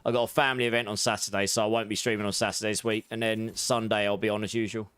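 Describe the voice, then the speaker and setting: A man's voice: on the low side, level tone, very fast, clean tone. Chatty man streaming a game. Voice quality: chatty, friendly, thanks viewers warmly. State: slightly sore voice. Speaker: livestreamer playing a game. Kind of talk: casual gameplay chat with viewers.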